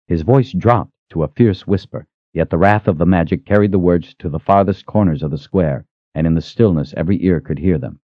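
A man narrating a fantasy audiobook in a dramatic, expressive style. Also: deep voice, fairly quick, hardly any pauses, no echo, highs cut off. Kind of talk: scripted narration.

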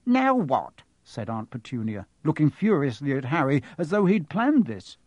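A male audiobook narrator reads in an expressive, animated way. His voice sits a little higher than most men's, and the recording is close and dry with no room echo. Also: moderate pace, highs cut off.

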